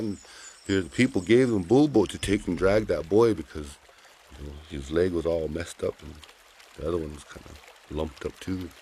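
A man telling a traditional story in a folksy, animated way with casual asides. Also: low-pitched, moderate pace, slightly rough.

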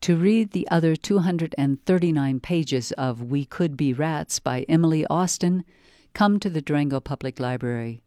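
A reader calmly delivering a wry first-person novel excerpt for a library promotion. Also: medium pitch, normal speed. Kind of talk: scripted first-person audiobook-style reading.

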